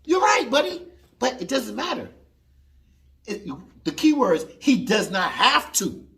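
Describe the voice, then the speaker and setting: A man in a heated vlog rant about the fight game. His pitch swings widely as he talks, rising and dropping for emphasis. He keeps arguing back at an imagined listener. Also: very animated, unhurried, vocal fry, bright, forceful tone. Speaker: boxing commentator. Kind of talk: opinionated commentary.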